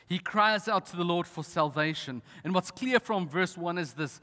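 A man in his thirties, a pastor, preaching a sermon with passion, slowing down for emphasis and swinging from loud to soft. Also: fairly high pitch. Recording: reverberant church hall.

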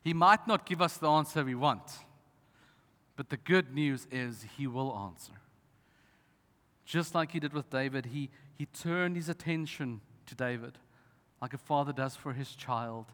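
A man in his thirties, a pastor, preaching a sermon with passion, slowing down for emphasis and swinging from loud to soft. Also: medium pitch. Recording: reverberant church hall.

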